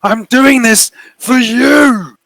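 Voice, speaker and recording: A man voicing a clingy, menacing unseen male creature with a booming voice in a tabletop game, pleading and possessive in slow, drawn-out lines. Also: a bit bright, no room sound, exaggerated voice, low-quality recording.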